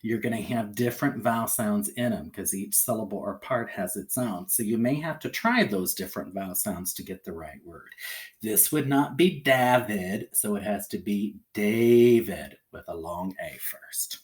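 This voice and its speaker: A man teaching a phonics lesson to young children, sounding out each letter patiently and checking in cheerfully. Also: normal speed. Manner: lively pitch, rising on cheerful check-ins.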